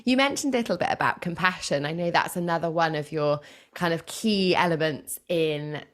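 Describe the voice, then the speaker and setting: A woman's voice: deep voice, normal speed, fairly bright tone. Reflective young woman host. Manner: reflective, affirming, prompts questions. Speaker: podcast host. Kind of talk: conversational interview.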